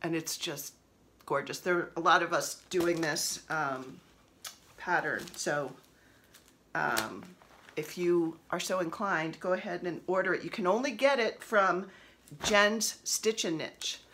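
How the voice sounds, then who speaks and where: Slow, bright-voiced chatty New woman. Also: fairly low pitch, slight background noise. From New Jersey. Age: 50s. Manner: chatty, rambling, laughs often. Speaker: cross-stitch vlogger. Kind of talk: casual show-and-tell chat.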